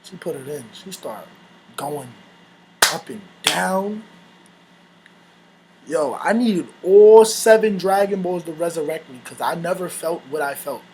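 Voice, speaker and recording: A young man hosting his own channel, telling a story in casual storytime style, animated and full of slang, often breaking into laughs. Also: fairly high pitch, unhurried, pauses often, background noise. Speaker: channel host.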